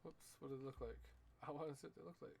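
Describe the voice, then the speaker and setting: A man's voice: on the high side, fairly even intonation, fast talker, vocal fry, a little mellow, a little hiss or hum. A man streaming a game in casual commentary, chatting playfully to the characters on screen with lots of little exclamations.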